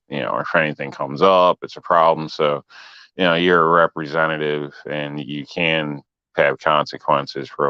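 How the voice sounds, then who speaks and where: A man on a podcast in casual chat, explaining in a measured way with lots of "you know". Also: rumbling low, no echo. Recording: dry, dull sound.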